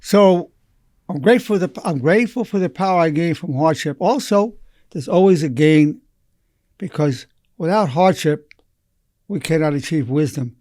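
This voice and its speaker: An older man in his eighties teaches as a psychologist, telling patient stories in an earnest way. His voice sits fairly high for a man and comes across dry and close. He leans on repetition to drive his points home. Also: expressive, normal speed, a little mellow, no room sound. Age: 80s. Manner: earnest, repeats key phrases for emphasis. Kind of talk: recorded lesson told through patient stories.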